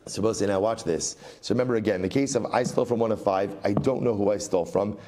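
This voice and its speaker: A middle-aged man, a rabbi, giving a Talmud study lecture in an animated way, repeating phrases for emphasis and weaving in Aramaic and Hebrew. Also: lowish voice, fast talker.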